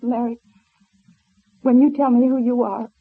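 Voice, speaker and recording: Casting: a proud, teasing young heroine, husky voice, tinny old radio serial. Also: female voice, a little high, fairly even intonation, a little slow. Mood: playful. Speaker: radio drama actor. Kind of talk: 1930s radio serial acting. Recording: old narrow-band radio transfer.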